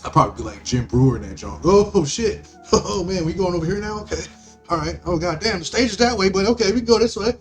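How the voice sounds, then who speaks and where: A man's voice: high voice, expressive, quick pace, faint music behind. A man hosting a podcast, ranting in a profane, rambling monologue full of stammering restarts. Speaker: podcast host.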